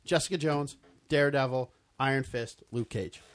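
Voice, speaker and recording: A man in casual chat about a show, animated, swearing freely and often repeating words. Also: mid-range voice, normal speed.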